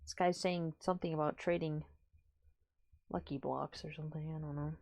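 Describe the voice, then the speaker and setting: A young woman streaming from home, chatting casually to her viewers and often trailing off into low mumbled asides. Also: steady tone, moderate pace, a little mellow. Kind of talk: casual live-stream chat.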